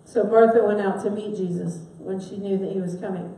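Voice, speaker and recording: A woman giving a sermon, asking her listeners questions and stressing key words with soft pauses. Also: mid-range voice, steady tone. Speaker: preacher. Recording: very echoey, from far off the mic.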